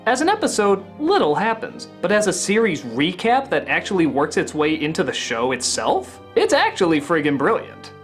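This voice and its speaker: Man, comedic reviewer, exaggerated delivery, wildly lively pitch, music behind. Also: normal speed, few pauses. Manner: exaggerated, swings to yelling.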